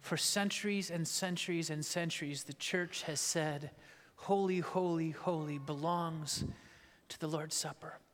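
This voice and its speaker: High, bright-voiced preacher man. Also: fairly even intonation, a little slow. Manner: dramatic, swinging from hushed whispers to shouts. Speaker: pastor. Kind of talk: sermon. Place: church sanctuary. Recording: long church reverb.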